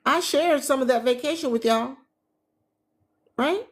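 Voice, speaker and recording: A retired woman hosting a casual livestream from her living room, chatting with viewers and reading their comments in a lively, animated way. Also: high-pitched, measured pace. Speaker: travel agent business coach, livestream host.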